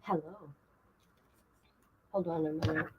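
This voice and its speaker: A woman's voice: low voice, steady tone, takes it slowly, lo-fi sound, noisy background. A woman hosting her own livestream, chatting casually and greeting viewers by name while she fumbles with her setup. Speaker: livestream host.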